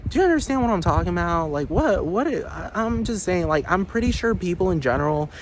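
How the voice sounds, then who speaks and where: A man's voice: high voice, sing-song, brisk, a little hiss or hum. A man ranting to the camera in a profane, rambling vlog monologue, often asking the viewer if they understand. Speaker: vlogger.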